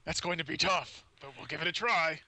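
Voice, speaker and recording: A man reading as a loyal rebel fighter, bright voice. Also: a little high, brisk, dry recording. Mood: determined. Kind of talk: reading game dialogue aloud.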